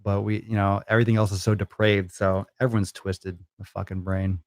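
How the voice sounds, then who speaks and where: A man's voice: on the low side, level tone, brisk, a little mellow, no room sound, studio quality. A man hosting a fitness podcast, answering listener questions in a blunt, profane, rambling way. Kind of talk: casual listener Q&A.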